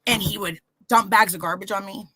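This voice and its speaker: Podcast guest, woman, 30s, candid storyteller, bright clear voice, mimics quoted people. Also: medium pitch, fairly quick, slight background noise, poor audio. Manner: animated, acts out quoted voices.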